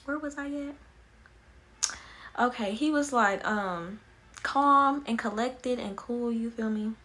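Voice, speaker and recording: Young woman vlogger, higher voice, crisp and bright, candid and profane storytelling. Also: takes it slowly, slight background noise. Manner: animated, blunt and profane, many fillers.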